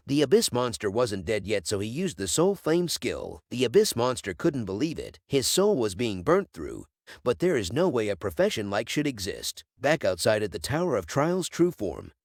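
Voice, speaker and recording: A man reading a scripted story recap as narrator, in a steady, even storytelling manner. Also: mid-range voice, dry recording, studio quality.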